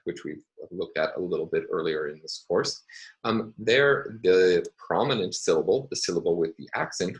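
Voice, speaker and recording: A middle-aged man giving a university lecture in a measured way, with frequent hesitations and fillers. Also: deep voice, poor audio.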